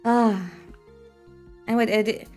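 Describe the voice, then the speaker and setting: A woman streaming a game, chatting casually in a somewhat high voice. She rambles through fillers and drops swear words freely. Faint music sits behind her. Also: fairly even intonation, slow pace, a little mellow. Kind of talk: casual live-stream chat.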